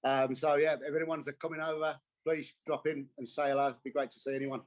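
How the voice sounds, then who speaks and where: A man's voice: a little high, little pitch movement, a little fast. A man, a barbershop owner, speaking with dry, self-deprecating humour. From Birmingham, England.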